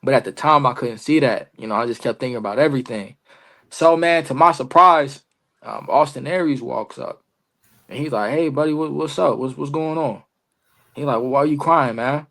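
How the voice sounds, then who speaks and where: A man's voice: mid-range voice, a little fast, fairly bright tone. A man, a wrestler guest on a podcast, telling stories casually in slangy talk and acting out both sides of past conversations. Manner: slangy, loose, peppered with "bro" and "you feel me". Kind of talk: casual storytelling interview.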